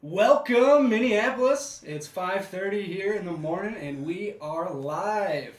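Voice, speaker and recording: A man voicing a pumped-up early-morning radio host with a shouted, punchy announcer delivery. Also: high voice, animated, a little slow, far from the mic, pitched above the performer's own voice. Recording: echoey room, off mic.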